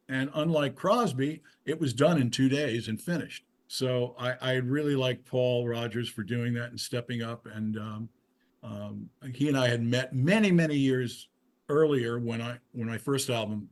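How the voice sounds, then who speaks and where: A man's voice: mid-range voice, moderate pace. An older male musician in a casual interview, telling rambling stories with frequent restarts and asides. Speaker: musician guest.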